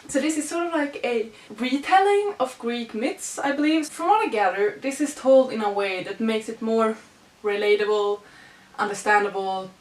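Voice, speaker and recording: Young woman vlogger, gushing and excitable, slightly high voice, recorded from a distance in a reverberant room. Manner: gushing, excitable, squeals and laughs. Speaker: book vlogger. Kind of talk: casual book haul chat. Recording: echoey room, mic at a distance.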